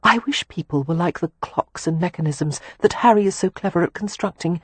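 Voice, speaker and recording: A man's voice: high-pitched, fairly quick, a little hiss or hum, close to an everyday voice. A man reading the part of a reserved young governess in an audiobook, speaking hesitantly and candidly. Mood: wistful. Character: reserved young English governess, guarded woman.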